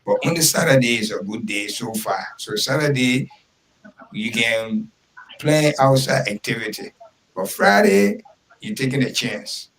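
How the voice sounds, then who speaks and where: A man's voice: lowish voice, unhurried, fairly bright tone, poor audio. A man hosting a radio show, giving an earnest, emphatic weather report and repeating key words. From Liberia. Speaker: radio host.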